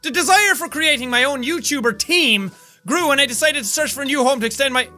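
A young Irish man in his twenties commentating a game he is playing, excitable and jokey, swearing freely and talking back to the characters on screen. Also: very high-pitched, fairly quick, faint music behind. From Ireland. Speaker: gaming YouTuber. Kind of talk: let's play commentary.

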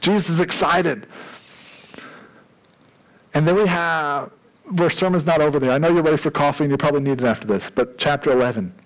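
Animated, chatty male pastor preaching. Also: a little high, brisk, pauses often, low-quality recording. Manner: conversational, animated, jokey asides. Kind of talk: sermon.

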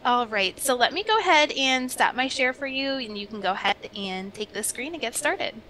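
Female webinar host, polite and welcoming, higher bright voice, light hiss on the line. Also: lively intonation, moderate pace. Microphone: video call.

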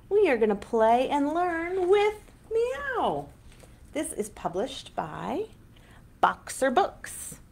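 Female children's librarian, high pitch, very lively swooping delivery, unhurried storytime read-aloud. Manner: animated, exaggerated sing-song delivery for young children.

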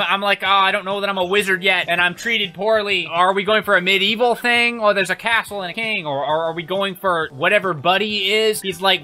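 A man in his thirties hosting a jokey, excitable let's-play, peppered with "dude" and laughter. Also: high-pitched. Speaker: YouTube gaming host. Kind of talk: casual let's-play commentary.

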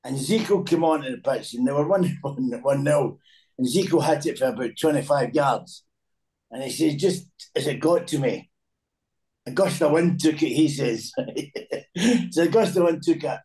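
Scottish guy in his 60s, bit high voice, laughs through his stories, stumbles and repeats. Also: moderate pace, darkish tone, rough recording. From Scotland. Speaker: former footballer guest. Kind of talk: casual chat, storytelling.

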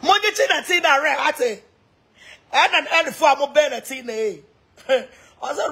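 A woman's voice: high-pitched, measured pace, pauses often, a bit bright. A Ghanaian woman mixing Twi and English in a mocking, laughing rant, taunting people online. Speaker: social media personality. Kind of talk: mocking live-stream rant.

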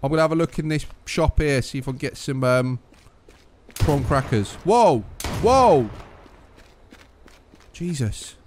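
A man's voice: medium pitch, fairly even intonation, moderate pace, a little hiss or hum. A young man with a cheeky, trolling manner, chatting casually over his gameplay. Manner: cheeky, joking, trolling other players. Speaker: gaming channel host.

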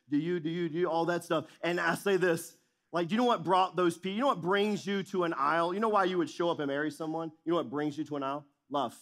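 A man's voice: sits high, fast, fairly bright tone. A middle-aged male pastor preaching a sermon in a church, emphatic and repetitive, asking the audience questions. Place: church auditorium.

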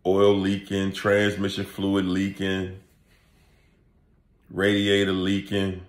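A man, hosting a casual comedic vlog rant, laughing often and animated as he acts out quoted voices. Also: low voice, slow. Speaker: channel host and coach. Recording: echoey room.

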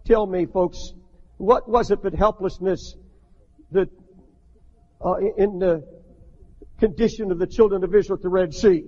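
Older guy preaching hard, high voice, stumbles and restarts, gets loud, old dull church recording. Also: steady tone, measured pace, long pauses. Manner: impassioned preaching, rising to shouts, many restarts. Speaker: pastor. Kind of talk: sermon. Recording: dull archival recording in a long-echo hall.

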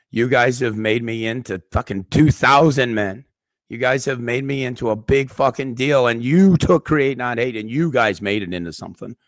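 A man's voice: mid-range voice, no room sound, studio quality. Upset swearing man pleading on stream. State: near tears. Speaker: YouTube channel host. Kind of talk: emotional live-stream rant.

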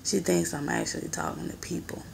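A woman in her twenties rambling in a casual vlog at home in a small apartment, soft-spoken and often hushed, filmed on a handheld phone. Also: on the low side, level tone, a little fast, creaky, a little hiss or hum. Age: 20s. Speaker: vlogger and mother.

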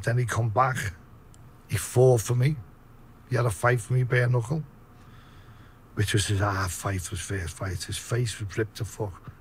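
A man with a Liverpool accent telling profane, animated stories in a casual interview. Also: mid-range voice, husky. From Liverpool, England. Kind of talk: casual storytelling.

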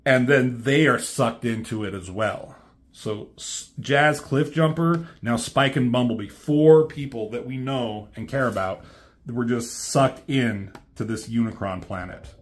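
A man casually retelling a comic's story as a reviewer, chatty and animated. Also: mid-range voice, a little slow. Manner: animated, chatty, many fillers.

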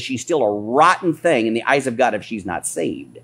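A man preaching a fiery, scolding sermon as a pastor, his voice climbing higher as his intensity builds. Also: big pitch swings, normal speed, a bit bright, breathy edge.

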